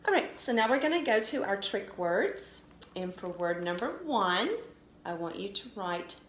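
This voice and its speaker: Slow, careful woman teaching phonics. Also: mid-range voice, expressive, fairly bright tone. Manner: slow, clear, sounding out letters. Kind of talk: recorded phonics lesson for children. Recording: echoey room with faint noise.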